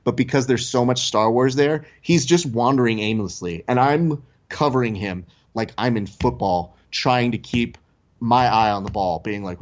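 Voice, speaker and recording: A man's voice: medium pitch, moderate pace, muffled recording. A young adult man telling a story in casual chat, acting out the voices of the people in it. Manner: animated, acts out quoted voices. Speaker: podcast host telling a story.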